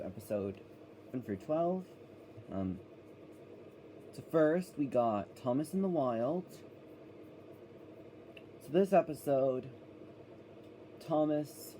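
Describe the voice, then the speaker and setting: A man's voice: medium pitch, takes it slowly, pauses often, dark tone, slight background noise, low-quality recording. A man giving a casual, rambling review of a children's cartoon, often correcting himself as he goes.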